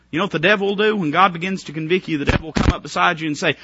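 A man preaching a fervent revival sermon, dropping to a hush and then rising to near shouts, with many rhetorical questions. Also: a little high, racing, hardly any pauses, slightly rough, lo-fi sound.

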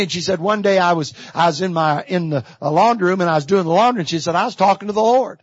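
A man's voice: high-pitched, quick pace, hardly any pauses, husky, no room sound, dull audio. A middle-aged man preaching a sermon from a church pulpit, with folksy storytelling and emphatic repetition. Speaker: visiting evangelist preacher. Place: church sanctuary.

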